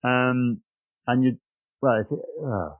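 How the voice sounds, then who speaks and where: A man hosts a podcast, his voice in a middle register and recorded dry and close with no room sound. He asks his questions haltingly, with plenty of "um" and doubled words, and keeps an easygoing tone. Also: medium pitch, steady tone, no echo, muffled recording. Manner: halting, many "um" and repeated words while asking questions. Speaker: podcast host. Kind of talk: casual interview chat.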